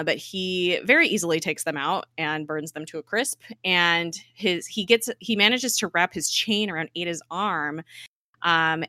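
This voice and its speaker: A woman's voice: lowish voice, no room sound, studio quality. A woman co-hosting a podcast, casually recapping a TV episode with lots of "like" and "um", slipping into characters' lines as she retells. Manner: animated retelling, mimics characters in quotes, frequent "like" and "um". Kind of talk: casual chat.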